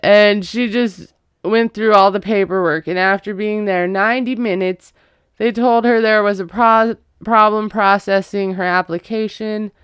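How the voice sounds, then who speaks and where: A woman's voice: medium pitch, fairly bright tone, smooth, dry recording, studio quality. A woman recapping a TV episode in a casual, gossipy, sarcastic way. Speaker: TV recap vlogger.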